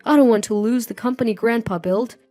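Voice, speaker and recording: Woman reading a calm, firm young son. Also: on the high side, quick pace, faint music behind, close to an everyday voice.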